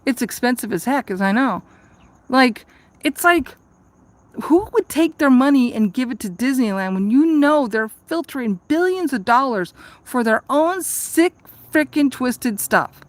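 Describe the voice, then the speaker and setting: A woman's voice: high voice, expressive, measured pace, no echo. Rambling, profane woman vlogger. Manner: profane, ranting, laughs at herself. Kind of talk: casual rambling storytelling.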